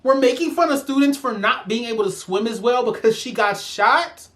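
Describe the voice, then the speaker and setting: A woman's voice: fairly high pitch, lively intonation, moderate pace, a bit bright. A woman giving a ranting review in a vlog, sassy and profane as she vents. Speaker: show reviewer.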